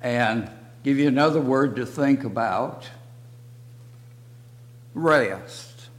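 Slow-talking older man teaching Bible. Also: mid-range voice. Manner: slow, halting delivery in short phrases. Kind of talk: church Bible lesson. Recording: long reverb of a hall.

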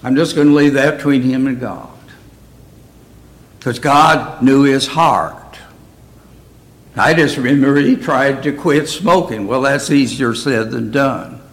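A man's voice: mid-range voice, a little slow, poor audio. A man teaching a Bible study in a plain, conversational way, often asking his listeners questions.

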